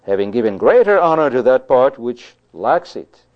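A man's voice: medium pitch, very animated, normal speed. A man preaching a sermon in an emphatic style, who often repeats himself and keeps saying "you see" and "you know.". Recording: dull lo-fi recording.

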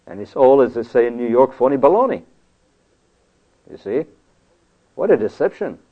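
A man's voice: medium pitch, big pitch swings, normal speed, slightly rough. Emphatic preacher man, tinny phone-like sound. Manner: conversational, emphatic, keeps asking "you see?". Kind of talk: sermon.

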